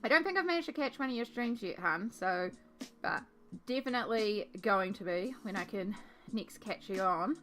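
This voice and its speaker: A woman's voice: medium pitch, lively intonation, moderate pace, a bit bright, faint music behind. A woman chatting casually on a live art stream as she paints, upbeat and talkative as she answers her chat.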